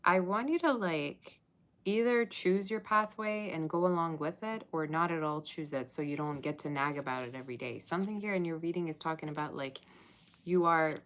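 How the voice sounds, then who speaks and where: A woman's voice: deep voice, normal speed. A woman reading tarot on a live stream, chatting with viewers in the chat and sometimes dropping to a whisper. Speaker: tarot reader.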